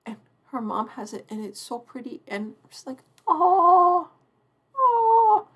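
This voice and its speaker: A woman's voice: on the high side, fairly even intonation, fairly quick, breathy edge. A woman around forty hosting a live-stream TV review, effusive and chatty, often restarting her sentences mid-thought.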